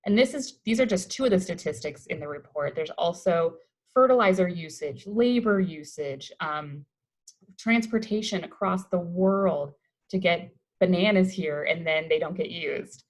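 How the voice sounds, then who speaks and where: Lower-pitched woman from Colorado, educator presenting a webinar over a video call, enthusiastic and chatty. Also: normal speed, poor audio. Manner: upbeat, conversational, enthusiastic about the topic. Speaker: waste-reduction educator.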